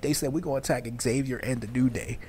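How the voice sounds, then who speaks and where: A man playing a wrestling video game and commenting over it, loud, slangy and full of trash talk. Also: mid-range voice, fairly even intonation, fast. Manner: loud trash-talking, hyped, slangy banter. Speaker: gaming YouTuber.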